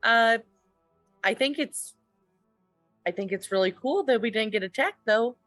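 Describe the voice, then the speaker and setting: Player, female, hesitant, relaxed, dry close mic. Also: on the high side, measured pace, no room sound, soft background music. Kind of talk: tabletop game chat.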